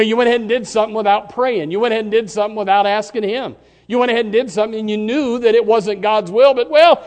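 A man with a very high voice preaches a sermon in a church. He talks conversationally, then swells into impassioned shouts on key words. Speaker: pastor.

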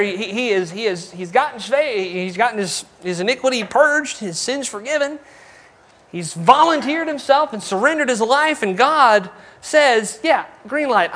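Man giving a folksy sermon, high-pitched voice, chatty preaching. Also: bright, forceful tone. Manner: folksy, conversational preaching with rhetorical questions.

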